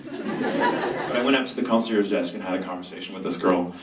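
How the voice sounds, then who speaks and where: A man speaking at a convention Q&A panel, telling stories in an animated, self-mocking way and acting out quotes. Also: low-pitched, fairly quick. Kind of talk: storytelling Q&A panel. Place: large convention hall. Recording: echoey convention hall from far off.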